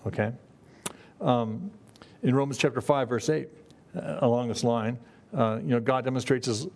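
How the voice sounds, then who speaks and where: A man's voice: mid-range voice, a little mellow. Conversational male pastor preaching. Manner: conversational, with frequent restarts and "you know". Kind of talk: sermon.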